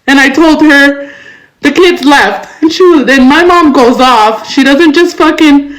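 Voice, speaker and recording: High-voiced woman telling a raw story. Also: unhurried, low-quality recording. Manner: emotional, swears a lot, rambling confessional. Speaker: interview guest.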